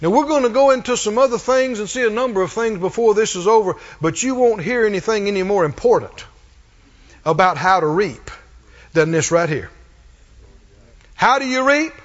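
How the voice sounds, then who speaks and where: A man with a strikingly high voice preaches a sermon, pressing each point and calling on the congregation to answer back. The sound is muffled and lo-fi, with a long reverb trailing off the walls of a church hall. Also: expressive, normal speed. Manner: emphatic call-and-response preaching.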